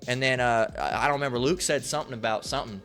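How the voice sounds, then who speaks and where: A man's voice: medium pitch, very fast, fairly bright tone, faint music behind. A man giving a casual Bible lesson in a rambling, slangy way, swearing freely. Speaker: lay Bible teacher.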